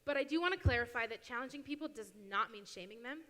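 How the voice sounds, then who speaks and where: A young woman preaches in a casual, animated way and slips into quoted voices now and then. Her voice is bright and a bit high. It rings with a long hall reverb. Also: quick pace. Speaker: youth speaker at church. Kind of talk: sermon talk. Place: church hall.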